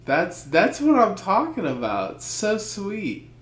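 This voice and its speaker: Slow-talking young man, echoey room. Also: sits high, huge pitch swings, a bit bright. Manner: loose, profane storytelling with put-on quote voices. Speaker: podcast co-host. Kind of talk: casual podcast chat.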